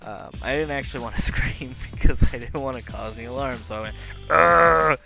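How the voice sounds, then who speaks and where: Hyped-up guy talking thru his game, cocky and goofy, music playing loud behind him. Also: mid-range voice, steady tone, fast. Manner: brash, hyped-up and joking, with sudden shouts and beatboxing. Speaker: Pokémon league player and video commentator. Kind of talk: casual game commentary.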